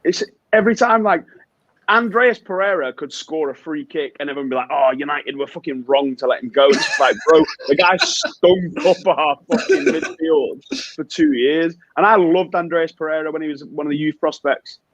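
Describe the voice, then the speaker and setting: A young man co-hosting a casual football chat, excitable and swearing a lot. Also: on the high side, moderate pace, no echo. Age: young adult. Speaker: co-host.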